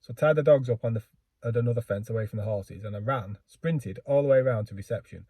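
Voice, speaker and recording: A man tells a rambling, self-deprecating story to his vlog audience, stopping and restarting as he goes. His voice is mellow and a little husky. It sounds dry and close, with no room echo. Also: mid-range voice, quick pace. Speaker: book vlogger. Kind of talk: casual storytelling.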